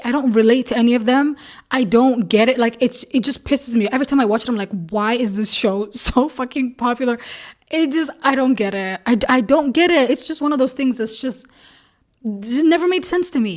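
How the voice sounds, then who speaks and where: A young woman vlogging in casual chat, ranting animatedly with lots of fillers and laughing asides. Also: on the high side.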